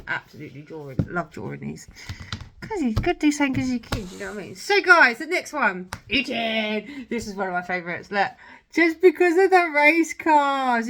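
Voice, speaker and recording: A young vlogger with a medium-pitched, slightly bright voice casually shows old children's books to her viewers. She gushes in a chatty way, using plenty of filler words.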